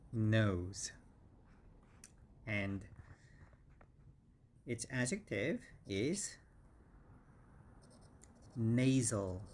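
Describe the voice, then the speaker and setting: A man teaching English vocabulary, saying each word slowly and repeating it several times. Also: on the low side, slight background noise. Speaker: English instructor. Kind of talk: vocabulary lesson.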